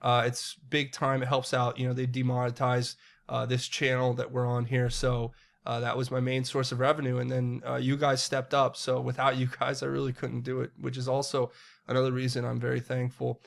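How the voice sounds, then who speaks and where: A man's voice: mid-range voice, completely flat delivery, a little fast, creaky. Earnest man hosting a commentary vlog. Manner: earnest, direct address to viewers. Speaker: political commentary channel host. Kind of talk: solo political commentary monologue.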